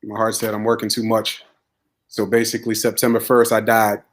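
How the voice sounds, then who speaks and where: A man who is a podcast guest, telling his own story in a plain, low-key way. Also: monotone, brisk. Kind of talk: casual chat.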